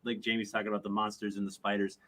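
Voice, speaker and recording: A man's voice: lowish voice, racing. A man co-hosting a live podcast, explaining ideas animatedly with many "like"s and tag questions. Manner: animated explaining, repeated "like" and "right?". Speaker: podcast co-host.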